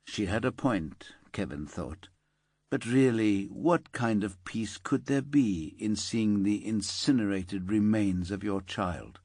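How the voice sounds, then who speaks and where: A man reads a thriller audiobook in a steady, sombre voice. He speaks slowly in a lower register. The recording is close and dry. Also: no room sound. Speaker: audiobook narrator. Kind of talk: scripted narration.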